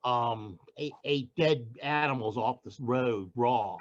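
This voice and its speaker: An older man, a poet being interviewed, who talks casually and haltingly, with many restarts. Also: mid-range voice, dull audio. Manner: halting, with frequent restarts and fillers. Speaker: poet guest.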